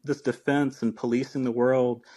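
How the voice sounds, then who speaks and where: A man calls in to a podcast and rambles earnestly through his point. His voice sits in a middle pitch. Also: little pitch movement, moderate pace, warm tone. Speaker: caller. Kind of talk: call-in discussion.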